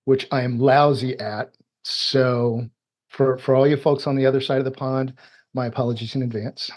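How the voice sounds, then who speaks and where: A man's voice: medium pitch, fairly even intonation, normal speed, a little mellow. A man from Indiana, a guest poet, chatting casually on a podcast, laughing often and restarting his sentences. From US Midwest, Indiana.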